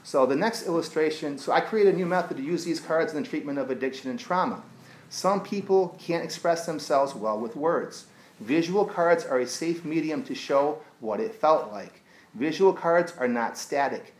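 An addiction therapist tells an audience about a client, his earnest voice dropping to a hush as he retells the story. He sounds on the high side and expressive at a moderate pace, in a roomy, low-quality recording.

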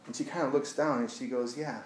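A man working as an addiction therapist, telling a client story to an audience in an earnest voice that drops to a hushed tone when he retells it. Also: medium pitch, fairly even intonation, fairly quick, echoey room, a little hiss or hum, rough recording.

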